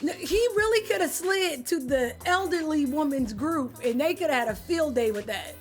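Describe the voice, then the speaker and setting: A woman's voice: sits high, normal speed. A young adult woman streaming, chatting casually and animatedly with her viewers in slangy speech. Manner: animated, slangy, talks to chat by name. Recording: faint music behind.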